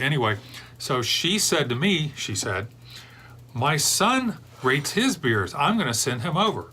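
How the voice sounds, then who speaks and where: A man's voice: medium pitch, bright, forceful tone, slight background noise. A middle-aged man hosting a beer review show, chatting casually and drifting off into long digressions. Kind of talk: rambling casual chat.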